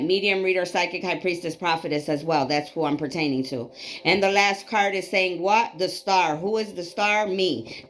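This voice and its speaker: This spiritual tarot session comes from a psychic reader in her late forties whose voice sits on the low side with a bit of brightness. She's insistent and preachy, circling back over the same points and dropping casual profanity.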